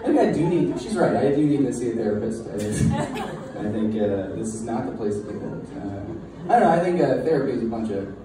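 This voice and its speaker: A young man doing a halting, self-deprecating stand-up set in a bar taproom. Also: mid-range voice, big pitch swings. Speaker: stand-up comedian. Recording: echoey distant room mic with crowd noise.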